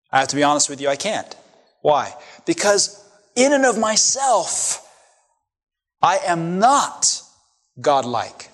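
A man's voice: fairly high pitch, a bit bright, in a large hall. A male pastor preaching a sermon to his congregation, emphatic, with rhetorical questions and repeated phrases. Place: church sanctuary.

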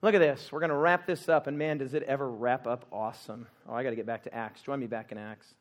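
A man preaching a sermon in a church, animated and humorous, calling out questions for the congregation to answer. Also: mid-range voice, quick pace. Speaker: pastor.

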